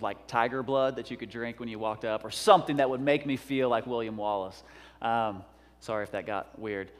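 A man's voice: medium pitch, long reverb tail. A man preaching a sermon as pastor, urgent and exhorting, with joking asides.

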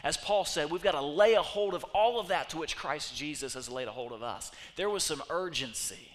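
A man preaching a sermon as pastor, animated and acting out the voices of the people he quotes. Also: a little high, brisk. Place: church hall. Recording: echoey hall reverb.

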